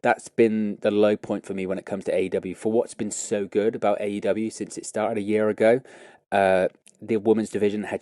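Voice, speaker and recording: A wrestling podcast host with a fairly low, dark voice is recorded with studio quality and no echo. He rambles casually through his opinions on his show, using lots of fillers and correcting himself often.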